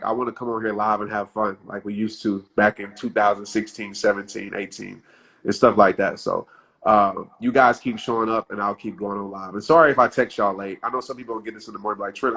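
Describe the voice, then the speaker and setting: Man, thirties, slightly low voice, casual live-stream chat, phone mic, laid-back, laughs a lot. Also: sharp tone, slightly rough. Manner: laid-back, chatty, laughs often, reads his own quotes aloud. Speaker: motivational speaker hosting a live stream. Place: outdoors in wind.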